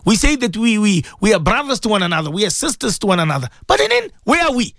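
A man delivers an impassioned religious radio talk in a high voice that leaps up and down. He preaches fervently, repeats his points and calls out to his listeners again and again. The sound is dry, with no room echo. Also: very animated, fast, creaky, a bit bright. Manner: fervent, repetitive, preachy, addresses listeners directly. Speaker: Islamic radio presenter and maulana.

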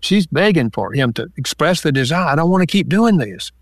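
A man's voice: a little high, very animated, a little fast, dry recording, studio quality. Older man explaining with example quotes. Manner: explains in numbered lists with acted-out example quotes. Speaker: author and marriage counselor guest. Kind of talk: relaxed interview answers.

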